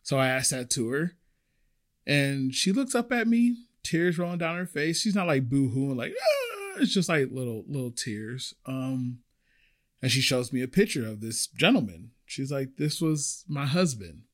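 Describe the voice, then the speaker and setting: A man's voice: medium pitch, animated, moderate pace, a bit bright. A man who works as a restaurant server, earnestly telling a personal story in a conversational way with many restarts.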